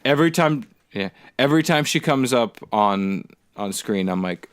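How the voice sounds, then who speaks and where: A man on a casual movie podcast rants about what bugs him, sounding exasperated and leaning on "like" as he talks. He has a voice of middling pitch for a man. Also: normal speed, clean tone. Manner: ranting, exasperated, lots of fillers. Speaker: podcast co-host. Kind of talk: casual chat.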